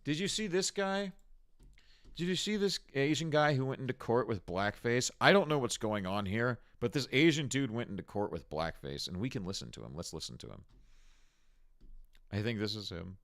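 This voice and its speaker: A man ranting through commentary on clips, exasperated and mocking as he swears his way through it. His pitch swings widely, leaping up when he gets worked up and dropping low when he turns scornful. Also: expressive, moderate pace, a bit bright. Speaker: commentary host.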